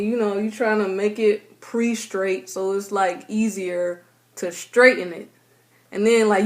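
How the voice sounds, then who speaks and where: A young woman, chatting casually to her camera and acting out her own thoughts in playful voices. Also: on the high side. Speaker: vlogger.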